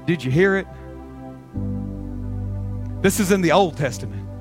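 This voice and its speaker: Male pastor, high voice, slow deliberate delivery, shouting then whispering, sermon with music underneath. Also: lively intonation. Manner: preaching with big swings from shouting to hushed whispers. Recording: music playing behind.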